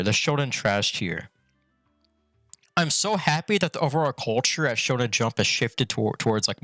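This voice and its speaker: A man streaming a loose, profane rant, his words a little thick from the retainer in his mouth. His voice sits at an ordinary middle pitch and sounds dry and close, with soft music faintly underneath. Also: dry recording. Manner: rambling, blunt and profane, with frequent restarts. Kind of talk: casual opinion rant.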